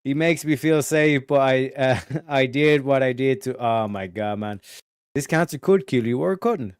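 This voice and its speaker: A man giving a casual reaction commentary on a show clip, excitable and profane, laughing often and swinging between loud outbursts and hushed remarks. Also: medium pitch, moderate pace, clear, resonant tone, no room sound, clean studio sound.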